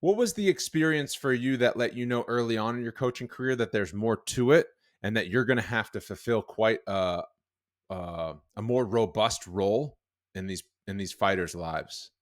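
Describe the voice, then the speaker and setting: A man's voice: on the low side, normal speed, no echo, clean studio sound. A man hosting an interview podcast, asking long, wandering questions. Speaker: podcast host.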